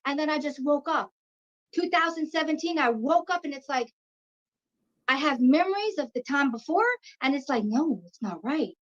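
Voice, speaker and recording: Brief: woman in her 50s, high voice, animated storyteller, dull lo-fi audio. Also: normal speed. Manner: animated, acts out quoted voices. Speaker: guest. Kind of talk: personal storytelling. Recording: dull lo-fi sound.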